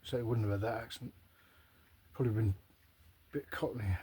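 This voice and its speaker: A man's voice: on the low side, steady tone, brisk, dark tone, husky. A man rambling to camera in a casual, sweary, self-mocking monologue. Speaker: vlogger.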